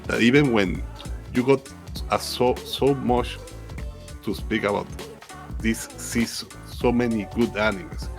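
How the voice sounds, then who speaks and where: A man co-hosting a podcast, excitedly rattling off long lists. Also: mid-range voice, measured pace, long pauses, faint music behind. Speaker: podcast co-host. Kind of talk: casual podcast chat.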